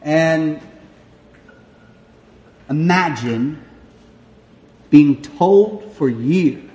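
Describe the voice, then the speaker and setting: A young man with a Southern American accent, preaching a sermon in a church and telling stories about himself with a lively, self-mocking delivery. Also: high-pitched, takes it slowly, pauses often. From Southern United States. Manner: animated storyteller, self-mocking, acts out voices. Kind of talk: sermon with personal story. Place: church sanctuary. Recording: echoey hall with long reverb.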